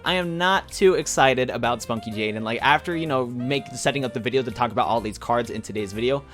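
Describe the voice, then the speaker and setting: A man hosts a gaming video in a rushed, rambling stream of words, packed with fillers. He sounds a little out of breath from talking so fast, at a middling pitch. Light music plays quietly behind him. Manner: rapid rambling delivery with many fillers, says he runs out of breath. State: slightly out of breath. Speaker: YouTube gaming channel host. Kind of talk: fast casual commentary on a mobile card game.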